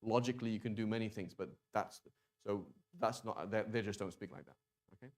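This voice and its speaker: Casual male teacher sounding out words. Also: lowish voice. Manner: casual, conversational, with many fillers and restarts; sounds out words slowly to demonstrate pronunciation. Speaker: Arabic teacher. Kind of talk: classroom lesson.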